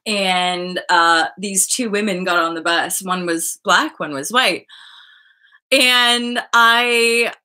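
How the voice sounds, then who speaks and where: A woman hosting a spiritual livestream, chatting casually and rambling with her viewers, often jumping into high excited asides. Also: takes it slowly. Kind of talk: casual chat with live viewers.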